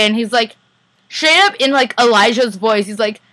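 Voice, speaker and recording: A young woman vlogger telling a story in a fast, excited, casual way. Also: a little high, no room sound, low-quality recording. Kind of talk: casual chat.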